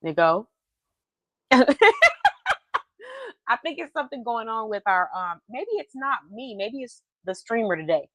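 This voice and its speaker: A woman hosting a livestream from home, chatty and quick to laugh, talking over a video call. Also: a little high, expressive, no echo, dull audio. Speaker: livestream host. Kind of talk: casual chat.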